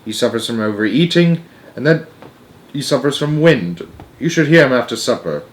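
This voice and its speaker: A man voicing a blustering, hot-tempered father who shouts often, in a storybook reading. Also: mid-range voice, expressive, moderate pace, a little hiss or hum, natural voice. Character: blustering short-tempered middle-aged father.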